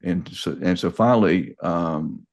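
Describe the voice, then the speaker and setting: Older male guest, very low voice, rambling halting storyteller who restarts mid-sentence; casual, unpolished delivery. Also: a little mellow. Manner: halting, repeats words and restarts often.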